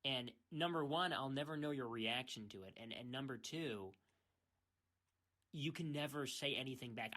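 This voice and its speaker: In a sharp-toned, mid-range voice at normal speed, a young American man rambles into his phone mic late at night. The monologue is casual, teasing and self-mocking; he's a young adult.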